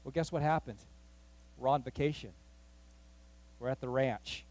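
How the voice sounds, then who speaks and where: A man pastor telling a story in a sermon, animated and acting out the voices of the people in it. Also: mid-range voice, normal speed. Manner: animated, acts out quoted voices, rising excitement. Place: church.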